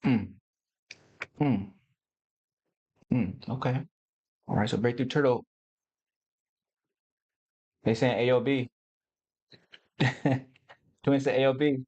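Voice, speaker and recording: A middle-aged man hosts a casual livestream and speaks straight to his viewers. He talks in a loose, playful, slangy way, and his voice sits at an ordinary middle pitch. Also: fairly even intonation, takes it slowly, long pauses, darkish tone, highs cut off. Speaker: host.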